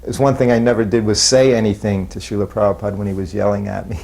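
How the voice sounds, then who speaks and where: A man with a fairly low voice looks back on his years as a disciple. He talks in a halting, self-deprecating way, pausing and restarting often. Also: flat delivery, vocal fry, darkish tone. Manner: halting, self-deprecating, chuckles between memories. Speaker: former disciple recalling memories. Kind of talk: reminiscing interview.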